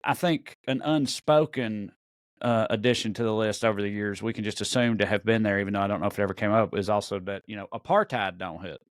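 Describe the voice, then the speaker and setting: This man, a podcast co-host with a Southern US accent, speaks in a fairly low, fairly even voice. His banter is loose and rambling, full of fillers and drawn-out thoughts. The sound is clean studio quality with no echo.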